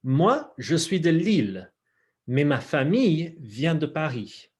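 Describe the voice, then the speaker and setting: A man's voice: on the high side, very animated, unhurried. A man reading a young French man's lines from a textbook dialogue in his own voice. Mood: friendly. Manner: plain read-aloud.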